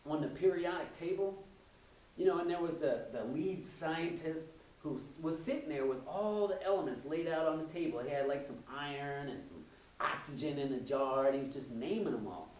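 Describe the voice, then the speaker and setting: Male teacher doing stand-up, lively pitch swings, chuckles at his own gags, roomy distant sound. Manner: laughs at his own jokes, animated punchlines. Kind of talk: comedy routine telling jokes.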